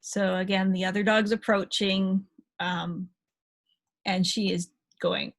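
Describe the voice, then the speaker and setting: A woman's voice: on the low side, fairly even intonation, unhurried, creaky, husky. A woman dog-behavior trainer giving a chatty recorded lecture, talking through slide photos with small laughs.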